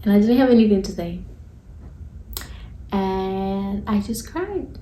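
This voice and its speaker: A woman's voice: medium pitch, slow pace, mellow, a little hiss or hum. Woman telling her own story real candid and chatty, medium voice, roomy echo. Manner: candid and conversational, informal phrasing. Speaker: esthetician sharing a faith testimony. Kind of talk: personal testimony, casual storytelling. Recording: echoey room.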